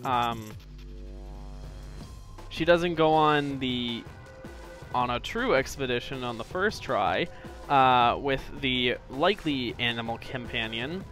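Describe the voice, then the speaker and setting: Lively, bright-voiced man rambling on. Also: mid-range voice, slow, pauses often, soft background music. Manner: rambling, with many filler ums and uhs. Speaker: co-host of a game let's play stream. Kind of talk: casual gaming banter.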